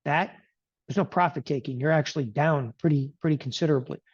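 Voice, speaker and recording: A man's voice: fairly high pitch, fairly quick, husky, dry recording, muffled recording. A middle-aged man giving casual live market commentary as a strategist, chatty and peppering his talk with "okay?".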